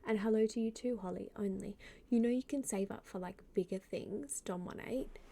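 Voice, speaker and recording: Woman streamer, mellow tone, chatty, greets chat, drifts into half-whispers. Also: mid-range voice, normal speed, gravelly, a little hiss or hum. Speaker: live streamer. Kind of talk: casual live-stream chat.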